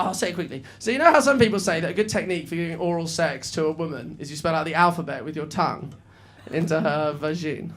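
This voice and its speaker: A man performing a stand-up comedy set on a club stage, chatty and self-mocking, often laughing and tripping over his words. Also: sits high. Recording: live club audio with loud crowd laughter and noise.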